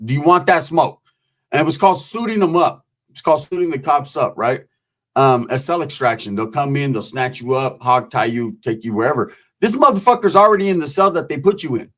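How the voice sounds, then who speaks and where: A man's voice: medium pitch, expressive, a little fast, a bit bright. A man hosting a show, telling prison stories casually, profane and streetwise. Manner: profane, streetwise, acts out voices in quotes. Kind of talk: casual storytelling.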